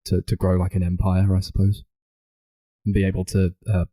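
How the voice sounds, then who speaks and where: A man with a low, deep voice talks through a film in a loose, rambling way. He hedges most points with "like" and "I suppose", and his tone is mellow and relaxed. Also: moderate pace, breathy edge, no room sound, rough recording. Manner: rambling, hedging, full of "like" and "I suppose". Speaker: podcast co-host. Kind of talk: casual film discussion.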